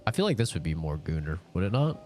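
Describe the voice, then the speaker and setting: A man's voice: sits low, sing-song, fast, a little mellow, faint music behind. A sick young man with a nasal voice, chatting casually with his live-stream audience in a rambling, laid-back way.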